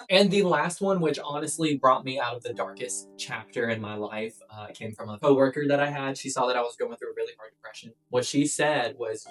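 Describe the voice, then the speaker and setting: A woman swearing, excitable vlogger, distant mic. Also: a bass voice, normal speed. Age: young adult. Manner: blunt, swearing, excitable and playful. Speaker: vlogger giving life tips. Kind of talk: casual chat to camera. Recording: distant mic with background music.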